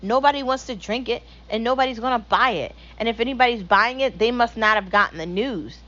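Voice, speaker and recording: A woman's voice: a little high, fairly quick, bright, forceful tone, muffled recording. A young woman hosting her own show, ranting bluntly and profanely in a casual opinion monologue. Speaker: podcast host.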